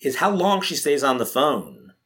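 A man at a middle pitch, a filmmaker chatting as a guest on a podcast. He rambles in a loose, relaxed way, full of fillers and restarts. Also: normal speed. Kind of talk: casual chat.

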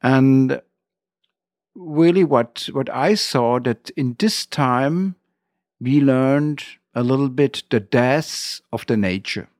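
German-accented man, halting English, dry sound. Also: mid-range voice, darkish tone, no echo. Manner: halting non-native English with fillers and restarts. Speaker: winery owner guest. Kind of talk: interview.

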